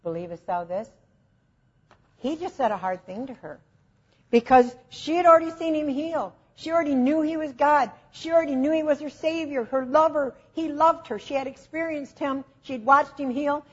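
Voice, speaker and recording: A woman's voice: high voice, moderate pace, highs cut off. A woman preaching an informal teaching sermon, telling stories in an earnest, conversational and self-deprecating way.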